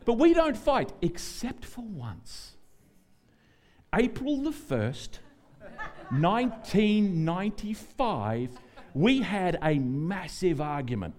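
A middle-aged Australian man preaching as a guest pastor, animated and joking, acting out the prayers and quotes he tells. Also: sits high, slow pace. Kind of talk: sermon.

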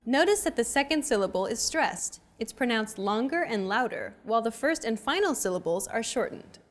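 A young adult woman hosting a language lesson, with clear, upbeat, teacherly scripted narration. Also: on the high side, expressive, moderate pace.

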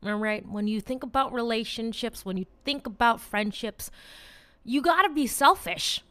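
A woman with a slightly high voice speaking at normal speed hosts a weekly motivation vlog. Talking straight to camera, she's chatty and animated, rambling, laughing and teasing her viewers as she gives a casual motivational talk.

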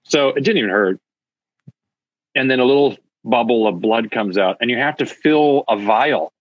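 A man's voice: mid-range voice, normal speed, dry recording, highs cut off. A man chatting casually as a podcast co-host, telling jokey stories and acting out what people said. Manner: jokey storyteller, acts out quoted voices. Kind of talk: casual chat.

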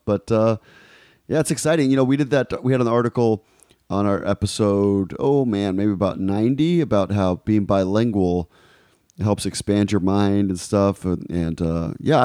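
A man hosting a podcast in an easygoing, rambling way, repeating words as he thinks out loud. His voice sits low and sounds warm and mellow, recorded dry and close. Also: dry recording. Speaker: podcast host. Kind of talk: casual podcast chat.

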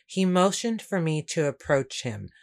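A woman reading a first-person story aloud in a steady, measured way. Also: deep voice, gravelly. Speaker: audiobook narrator. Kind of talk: first-person scripted narration.

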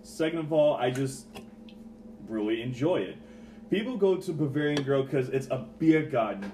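A man's voice: mid-range voice, lively intonation, normal speed, dark tone, distant mic, slight background noise. A young man co-hosting a podcast, blunt and profane in casual banter. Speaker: podcast co-host. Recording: echoey room.

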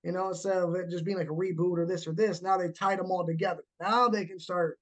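A man hosting a casual horror podcast chat, animated and quick to act out scenes he describes. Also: high-pitched. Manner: animated, acts out movie moments with laughs. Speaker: podcast host.

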